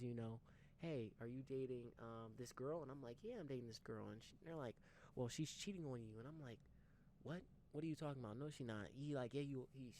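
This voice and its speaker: A man's voice: medium pitch, darkish tone, slight background noise. A young man casually telling a personal story, rambling and slangy, with some swearing. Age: young adult. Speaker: story time channel host.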